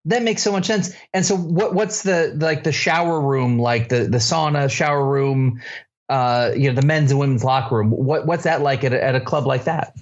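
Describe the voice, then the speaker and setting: A man co-hosting a comedy podcast, telling a story in casual chat and breaking into shrill, shouted quotes of himself. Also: normal speed, highs cut off. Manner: animated storyteller, jumps to shrill shouting when quoting himself. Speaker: podcast co-host.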